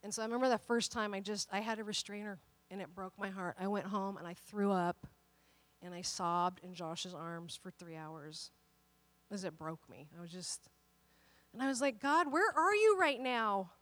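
A woman's voice: fairly low pitch, moderate pace, dry recording. A woman pastor preaching a sermon, telling a personal story and building to emphatic encouragement. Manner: personal storytelling, quotes voices in dialogue, builds to emphatic exhortation.

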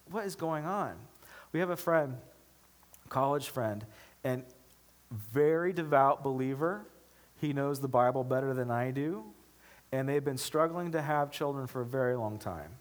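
A man preaching a sermon as a pastor, talking in a conversational way and building to animated, emphatic stretches. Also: medium pitch.

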